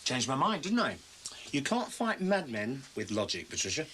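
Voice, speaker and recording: An actor playing a stubborn, evasive husband with a dry manner in a TV soap. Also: male voice, mid-range voice, sing-song, normal speed, sharp tone, slight background noise. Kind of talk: TV soap acting.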